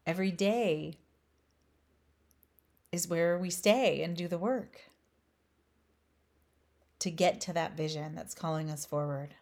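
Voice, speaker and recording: A woman teaching on spirituality, asking slow, emphatic rhetorical questions. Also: fairly low pitch, a little mellow. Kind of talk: inspirational spiritual talk.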